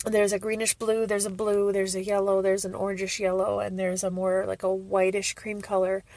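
A woman's voice: medium pitch, little pitch movement, moderate pace, a little mellow, no echo. A woman fan vlogger talking casually to viewers, emotional, gushing, and often laughing through tears. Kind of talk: casual fan vlog reaction.

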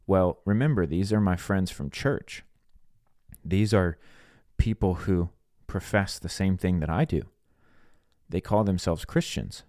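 Deep-voiced earnest male preacher. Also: a little slow, darkish tone, no room sound, clean studio sound. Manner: earnest, plain-spoken, acts out quoted dialogue. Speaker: podcast host, preacher. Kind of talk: sermon-style podcast teaching.

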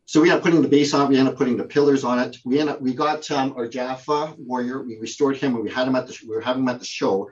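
A man's voice: medium pitch, steady tone, fast, few pauses, a little mellow, lo-fi sound. A man, a guest who owns a prop company, telling a story in casual conversation, with many fillers and restarts.

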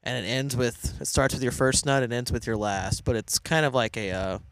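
A man co-hosting a podcast, talking loosely and joking as he goes, often restarting his sentences and leaning on fillers. His pitch sits mid-range for a man. The sound is dry and close, with little room echo. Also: moderate pace. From United States. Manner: rambling, jokey, many restarts and fillers. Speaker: podcast co-host. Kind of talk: casual chat.

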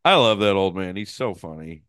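A man's voice: low voice, expressive, moderate pace, fairly bright tone, smooth, no room sound, clean studio sound. A man co-hosting a podcast, chatting casually in a crude, rambling way and laughing often. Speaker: podcast co-host. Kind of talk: casual chat.

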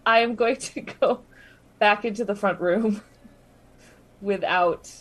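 A woman playing a tabletop role-playing game, talking hesitantly with many pauses and restarts. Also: mid-range voice. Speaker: player. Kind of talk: casual tabletop role-play.

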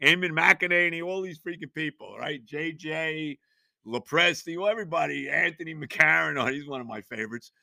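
An older man, hosting a sports podcast and ranting in exasperation with loud, theatrical outbursts. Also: fairly high pitch, normal speed, creaky, no room sound, studio quality. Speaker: podcast host. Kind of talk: sports rant.

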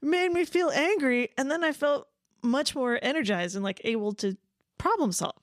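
A woman in casual podcast chat, animated, laughing often and acting out quoted voices. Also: high voice, moderate pace, no room sound, clean studio sound.

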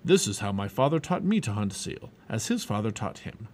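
A man voicing an adult male seal hunter in a read-aloud storybook, speaking in a steady, unhurried way. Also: lowish voice, voice pushed down. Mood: calm.

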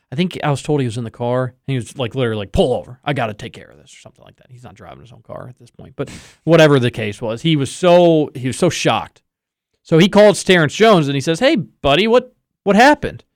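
A man hosting a sports podcast, telling a story in a lively casual way and acting out the quotes. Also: mid-range voice, fairly quick, no room sound, clean studio sound. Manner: animated storyteller, acts out quotes. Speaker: podcast host.

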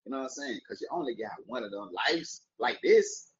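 Here a daily-encouragement vlogger talks to his viewers at a medium pitch, expressive and a bit quick, though the audio sounds dull. His casual, playful to-camera pep talk wanders through jokes and wordplay before wishing everyone a good day.

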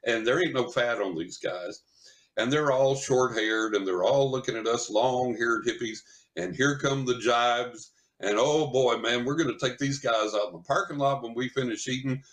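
An older man, a psychic medium guest, telling a story in casual chat, lively and chuckling as he acts out what people said. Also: medium pitch, moderate pace. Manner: animated anecdotal storytelling, chuckles often, acts out quotes.

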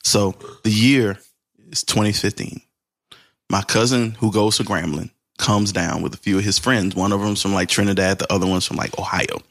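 A man's voice: fairly low pitch, steady tone, normal speed, vocal fry, fairly bright tone. A man in his thirties hosting a casual podcast, telling a long story with laughter over drinks. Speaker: podcast host. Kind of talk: casual chat among friends.

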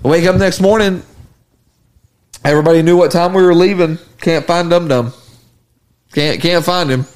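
A man's voice: on the high side, steady tone, normal speed, pauses often, darkish tone. Laughing male podcast host telling stories. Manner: laughing, profane anecdotes with acted quotes. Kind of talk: casual storytelling chat.

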